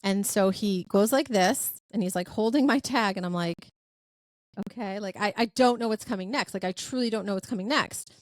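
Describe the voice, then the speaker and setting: A woman's voice: medium pitch, moderate pace, dry recording. A woman hosting a podcast, telling a story in casual chat and acting out the dialogue expressively. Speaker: podcast host.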